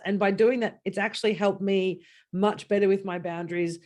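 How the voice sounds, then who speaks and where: A woman business coach hosting a casual conversation, animated and laughing often as she tells stories. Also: medium pitch, brisk.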